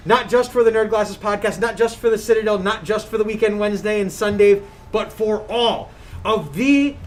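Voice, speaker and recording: A woman from Long Island co-hosting a casual gaming podcast, animated and jokey, laughing often. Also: a little high. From Long Island, New York. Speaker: podcast co-host. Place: streaming setup.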